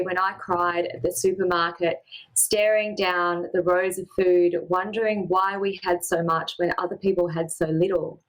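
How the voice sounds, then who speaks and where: A woman performing a personal spoken-word story, with a measured, poetic and deliberate delivery. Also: fairly low pitch, low-quality recording.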